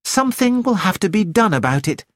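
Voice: mid-range voice, big pitch swings, fairly quick, no room sound, clean studio sound, voice pushed up, lightly acted. A reader doing a catty, sarcastic young woman. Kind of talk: audiobook character voice.

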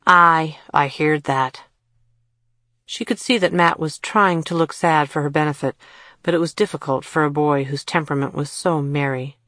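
A woman narrating an audiobook in a measured storytelling read. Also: low voice, steady tone, dry recording, clean studio sound. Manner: measured storytelling read, puts on voices for characters.

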